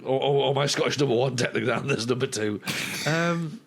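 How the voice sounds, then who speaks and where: A man's voice: mid-range voice, brisk, gravelly. A man co-hosting a podcast in casual chat with a dry, wry sense of humour. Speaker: podcast co-host.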